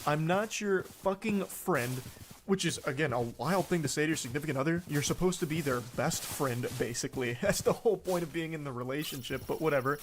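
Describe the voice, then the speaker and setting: A man's voice: on the high side, fast, few pauses, slight background noise. A man doing reaction commentary, reading text messages aloud in a sarcastic, incredulous way and swearing freely. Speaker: online commentator.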